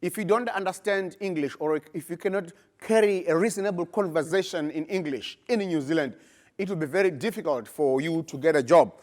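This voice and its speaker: A middle-aged man with a Zimbabwean accent presents his research at a conference. He speaks with a somewhat high voice and grows emphatic, his pitch jumping up when he presses a point. The delivery stays that of a live talk to a room. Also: brisk. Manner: animated, emphatic, rising to bursts when making points.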